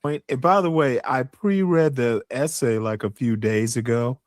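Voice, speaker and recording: A man on a casual livestream panel, talking in a deliberate, argumentative way as he lays out his opinion. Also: mid-range voice, dry recording.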